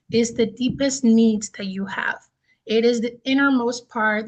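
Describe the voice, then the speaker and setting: A woman teaching a beginner astrology class in a chatty, expressive way, often checking in with "right?". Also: fairly high pitch, rough recording. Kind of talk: casual class lecture.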